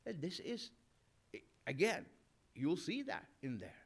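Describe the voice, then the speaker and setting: A male preacher gives a sermon in a conversational style. His voice sits fairly high and swings up and down with animated emphasis. He speaks to the audience directly as friends and acts out both sides of imagined arguments. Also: slow, pauses often, breathy edge. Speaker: maulana giving a Muharram majlis talk. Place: Islamic center gathering.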